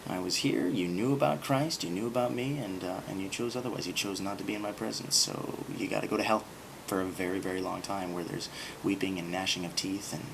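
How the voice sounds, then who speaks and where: Dude doing a chill apologetic savior guy sending someone to hell, low-ish and offhand. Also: steady tone, a little fast, creaky, hardly any pauses, noisy background. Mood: mock apology.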